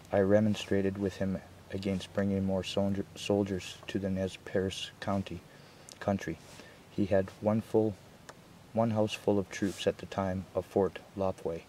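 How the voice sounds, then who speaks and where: A man with a low, mellow voice reads a historical first-person account aloud. His delivery is slow, measured and even, with little rise and fall. There is a faint hiss behind him. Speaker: reader.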